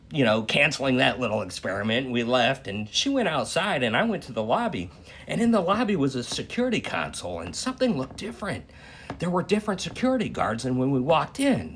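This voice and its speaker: Husky, animated man telling a story. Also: mid-range voice. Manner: profane, animated, frequent "right?" tag. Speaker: dream storyteller. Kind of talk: casual storytelling monologue.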